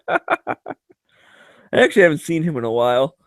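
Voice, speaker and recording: A man's voice: on the high side, wildly swooping pitch, moderate pace, fairly bright tone, no echo, studio quality. A man in casual chat, telling joking, profane stories full of filler words and frequent laughter. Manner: loose filler-heavy delivery with many "like"s. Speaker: chat regular.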